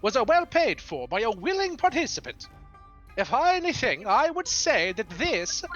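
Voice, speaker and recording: A man's voice: extremely high pitch, very animated, moderate pace, a bit bright, muffled recording, soft background music, voice pushed up, heavily acted. A man voicing a short, proud mobster chef who serves demon lords, with theatrical mock-Italian flourish. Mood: indignant.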